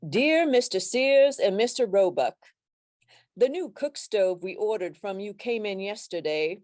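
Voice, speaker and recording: A woman reading a humorous poem in a put-on Louisiana accent, voicing a country man writing a complaint letter with a slow, drawn-out delivery. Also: medium pitch, animated, a little mellow, dry recording, clean studio sound, close to an everyday voice. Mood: wry.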